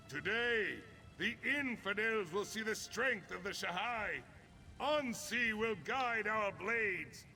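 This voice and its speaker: An actor playing a proud older desert king and father, giving grand, slow speeches in a video game. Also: high voice, bright, forceful tone, exaggerated voice. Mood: rousing. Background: game music.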